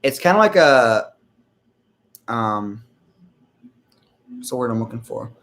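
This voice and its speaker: A man's voice: medium pitch, sing-song, slow pace, fairly bright tone. Rambling, profane man with filler-heavy talk. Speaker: vlogger. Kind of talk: casual rambling monologue.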